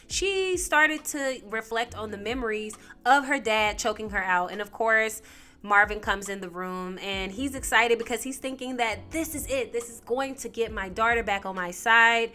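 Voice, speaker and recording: A woman hosting a casual TV episode recap, talking in a chatty, slangy, animated storytelling way. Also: on the high side. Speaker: TV recap host.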